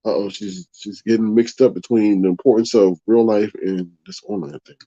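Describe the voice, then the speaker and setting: Casual animated man, dull dry stream audio. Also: on the low side, moderate pace, creaky, no room sound. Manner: casual, animated, addresses viewers as "y'all". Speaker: YouTube livestream host. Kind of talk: live commentary, reading out chat.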